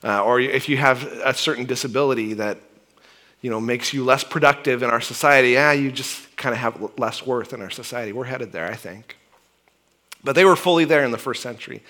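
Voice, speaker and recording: Bright-voiced man preaching a casual sermon. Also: medium pitch, brisk. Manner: conversational, animated preaching with frequent restarts and "right?". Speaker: pastor.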